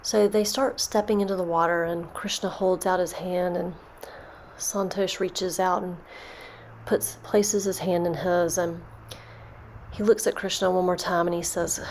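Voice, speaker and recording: A woman as a meditation guide, telling a storytelling meditation in a soft, slow, repetitive way. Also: lowish voice, flat delivery, a little hiss or hum.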